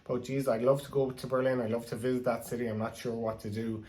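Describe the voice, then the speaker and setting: A man's voice: medium pitch, little pitch movement, fast talker, a little mellow. An Irish man hosting a podcast, introducing an episode and chatting casually with a guest. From Ireland. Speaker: podcast host.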